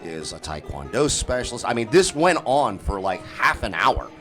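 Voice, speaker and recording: Man, podcast co-host, casual chat, low voice, very animated intonation, repeats words, acts out quotes. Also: moderate pace, faint music behind. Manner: repeats words when starting sentences. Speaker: podcast co-host, festival performer.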